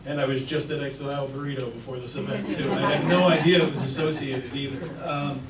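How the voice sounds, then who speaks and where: A man's voice: mid-range voice, fairly even intonation, fairly quick, a loud crowd. Earnest man telling his recovery story. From New Hampshire. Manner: earnest, laughs nervously, filler-heavy. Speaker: recovery worker speaking at an event. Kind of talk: personal public speech. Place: event hall. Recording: roomy hall, distant mic.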